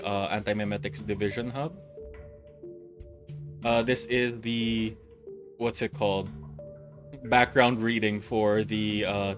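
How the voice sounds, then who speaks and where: A man hosting a live stream, rambling and laughing as he chats, then reading a document aloud. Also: mid-range voice. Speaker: streamer host.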